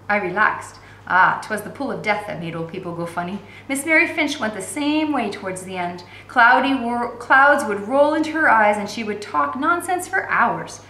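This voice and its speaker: A woman reading a novel aloud with expressive storytelling and occasional commentary as a teacher. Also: mid-range voice, moderate pace, few pauses, echoey room. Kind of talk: read-aloud narration with commentary.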